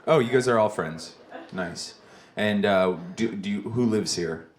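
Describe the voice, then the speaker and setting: Rambling low-voiced male stand-up comic. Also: a little slow. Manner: rambling, self-deprecating, chatting with the crowd. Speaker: stand-up comedian. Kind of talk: stand-up comedy with crowd work. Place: comedy club basement stage. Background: audience laughter.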